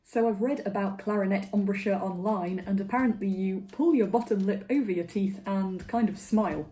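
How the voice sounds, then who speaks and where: A woman's voice: medium pitch, moderate pace, dark tone. A woman making a casual music vlog, talking in a dry, self-deprecating way. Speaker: vlogger.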